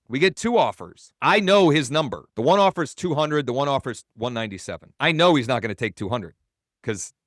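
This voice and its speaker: A man's voice: medium pitch, a bit bright, no echo, studio quality. A man coaching real estate agents in a webinar, telling a story in a casual, rambling way and correcting himself as he goes.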